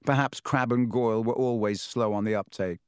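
A man narrating an audiobook in a measured, steady storytelling manner. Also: medium pitch, clear, resonant tone, no echo, studio quality.

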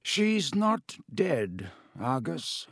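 A wise old headmaster speaks slowly and softly, yet firmly, as a male narrator puts him on. The voice sits a little higher than the teller's own, measured and unhurried. Recorded dry and close. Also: sing-song, dry recording, exaggerated voice. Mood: calm, firm. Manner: slow, soft-spoken, firm.

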